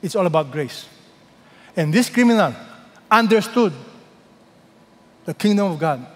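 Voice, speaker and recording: Man, pastor, sermon, emphatic, dramatic pauses, hushed drops, fairly high voice, long hall echo.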